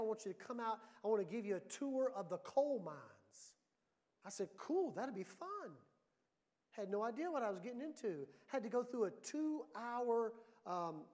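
A male pastor preaching a sermon, telling stories with animated, rising emphasis. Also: high-pitched.

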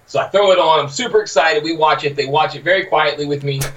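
A man co-hosting a casual podcast, telling anecdotes in an animated way. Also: on the high side, quick pace, distant mic, dull audio. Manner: animated storyteller. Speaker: podcast co-host.

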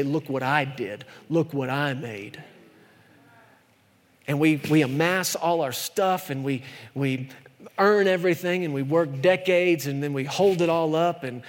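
A man delivering a sermon in a slightly higher-than-usual voice, driving his points home with rhetorical questions. He speeds up and then slows almost to a crawl for emphasis. His voice rings with a long hall reverb. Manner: emphatic, rhetorical questions, shifts between fast and slow delivery. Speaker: preacher.

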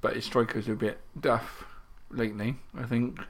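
A man interviewing casually, asking questions in a hesitant, halting way. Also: medium pitch, flat delivery. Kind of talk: casual chat.

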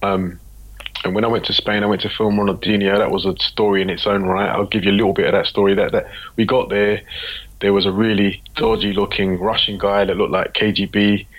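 A British man with a lowish, husky voice tells slangy, animated stories about his work. He talks casually as a podcast guest, and there is a slight radio-like sound to his voice. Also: brisk, dull audio. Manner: animated anecdotes, slangy, laughs while telling stories. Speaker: guest, creative director. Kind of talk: casual storytelling in a podcast interview.

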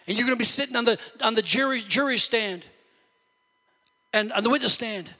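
High, bright-voiced preaching pastor. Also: male voice, in a large hall. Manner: animated, conversational preaching with church call-outs. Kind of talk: sermon. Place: church.

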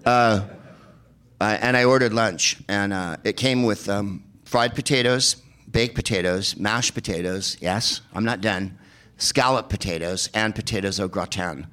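A man's voice: lowish voice, a little slow, fairly bright tone, clean tone. A man telling rambling, sardonic comic travel stories, with plenty of swearing and filler words. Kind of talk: comedic travel storytelling.

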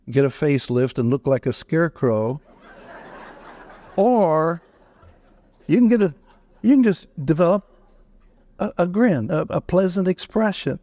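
A man's voice: on the high side, darkish tone, no echo. An older man giving a folksy, humorous sermon-style radio talk that quotes scripture. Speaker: radio speaker on retirement.

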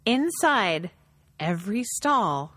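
A woman's voice: medium pitch, big pitch swings, takes it slowly, fairly bright tone, no room sound. A woman from Wisconsin chatting casually with a teasing tone. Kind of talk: casual chat.

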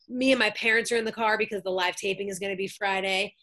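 Talking fast with few pauses in a medium-pitched voice, an actress and comedian guests on a remote call. She spins lively stories in casual conversation, imitating others' voices and cursing without restraint.

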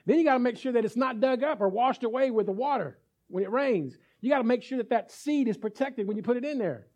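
High, lively-voiced preacher man. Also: fast. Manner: energetic, acts out little scenes, keeps checking in with the congregation. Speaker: pastor. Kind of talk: sermon.

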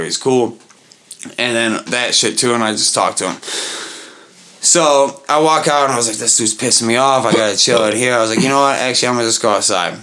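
A young man tells a long, rowdy story in loose podcast chat, swearing freely and slipping into other people's voices. His pitch sits in the middle, and his delivery is animated and profane. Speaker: podcast co-host.

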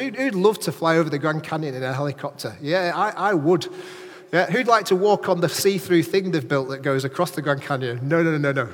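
A man preaching a lively sermon in a church, chatting with and questioning his congregation. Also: on the high side, brisk, in a large hall. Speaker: pastor.

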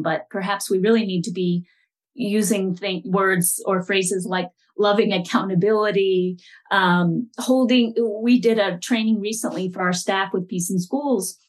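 A woman meditation teacher speaking as a podcast guest in a thoughtful, searching way, often restarting her sentences. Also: medium pitch. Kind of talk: casual conversational interview.

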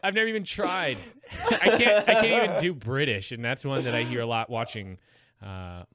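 A man's voice: mid-range voice, lively intonation, normal speed, over a noisy crowd. A man in casual conversation as a podcast co-host, rambling and chatty, laughing often. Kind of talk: casual chat.

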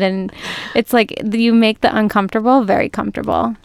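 A woman hosts a casual podcast chat. She gushes freely and strings her sentences together with "like". Her voice is smooth and clear, recorded dry and close. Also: a little high, steady tone, brisk, a little mellow, dry recording. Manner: effusive, many "like" fillers. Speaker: podcast host and juice bar owner.

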